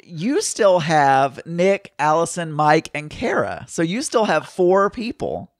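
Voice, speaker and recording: Guy with a kinda high voice going over fantasy scores, dry close sound. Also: very animated, slow, no room sound. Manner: chatty, explains scores step by step. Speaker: podcast co-host. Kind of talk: casual chat about a reality show fantasy game.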